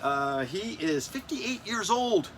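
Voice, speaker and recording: Fifty-something guy doing a toy countdown, kinda high voice, rambly and jokey. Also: very animated, slow pace, a little hiss or hum. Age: 50s. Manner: rambling, self-joking, loses his place. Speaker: toy collector host. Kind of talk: casual countdown vlog. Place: air-conditioned room.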